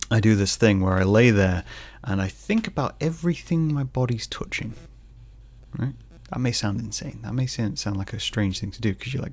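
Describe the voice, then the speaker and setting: A man in his thirties talking in a casual, rambling vlog monologue, self-deprecating and jokey, sometimes dropping to a soft near-whisper. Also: lowish voice, creaky. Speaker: vlogger.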